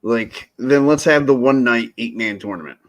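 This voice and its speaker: A man's voice: mid-range voice, normal speed. Guy rambling about wrestling on a podcast, jokey, keeps restarting his sentences. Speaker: podcast co-host. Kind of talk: casual wrestling chat.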